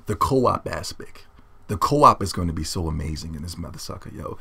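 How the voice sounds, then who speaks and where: A young man ranting about video games as a YouTuber, brash, boastful and profane, swinging between loud yelling and low muttering. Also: expressive, fairly quick, creaky, husky. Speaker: gaming YouTuber.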